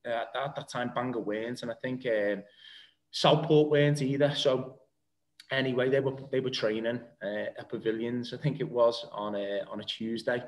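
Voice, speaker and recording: A man in his thirties, a footballer, tells his story in a loose, rambling way, stopping and restarting often. His voice sits at an ordinary middle pitch for a man. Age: 30s. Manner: rambling, many fillers and restarts. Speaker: guest footballer. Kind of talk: casual interview chat.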